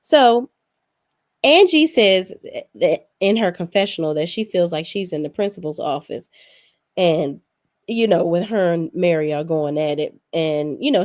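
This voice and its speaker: A woman's voice: fairly low pitch, a little mellow, no echo, studio quality. Sassy, blunt woman recapping reality TV. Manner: sassy, profane, blunt opinions. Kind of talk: casual recap commentary.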